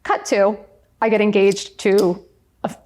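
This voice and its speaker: A middle-aged woman talking frankly as a podcast guest, telling her story with lively acted-out quotes. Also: medium pitch, slow, a little hiss or hum. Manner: frank, animated storytelling, often acts out quotes. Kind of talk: candid interview conversation.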